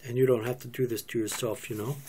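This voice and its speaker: A man's voice: medium pitch, flat delivery, fast talker, mellow, a little hiss or hum, lightly acted. A man voicing a weary, wry man on the verge of leaving, dry and sardonic in his speech.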